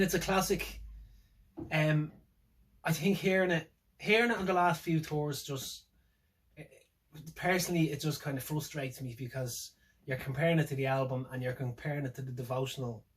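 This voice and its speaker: A man's voice: medium pitch, fairly even intonation, normal speed, a little hiss or hum, poor audio. A man talking casually on his own, reacting to a concert setlist, hesitant and rambling, with lots of fillers and restarts. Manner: wry, laughs to himself. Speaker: music fan reviewing a tour setlist. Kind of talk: casual solo reaction vlog.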